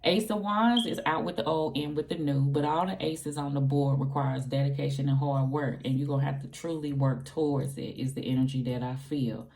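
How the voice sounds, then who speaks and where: A woman with a very low voice and a gravelly edge talks through a tarot reading for her viewers. She speaks in a loose, conversational way, circling back on her own phrases and dropping in slang. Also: fairly even intonation, brisk, few pauses, a little mellow. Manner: loose and conversational, repeats herself, uses slang. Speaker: tarot reader. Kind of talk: casual tarot reading to camera.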